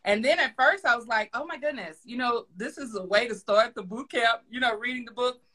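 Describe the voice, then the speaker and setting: A woman hosting a casual book discussion, talking in an excitable, gushing way. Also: a little high, fairly quick. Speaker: host. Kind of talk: casual chat.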